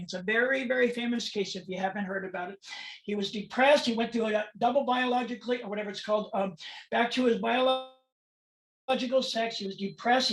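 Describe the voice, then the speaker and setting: A woman in her fifties from California tells her own story in an earnest, dramatic manner and leans on repeated phrases for weight. Her pitch sits in a middle range. The sound is roomy and picked up from a mic some distance away. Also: fairly bright tone. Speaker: guest speaker and advocate. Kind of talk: personal storytelling talk.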